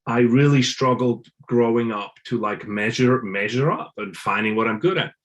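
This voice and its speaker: A man from Switzerland, a guest in a casual interview, talking in halting bursts with many restarts. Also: medium pitch, fairly bright tone.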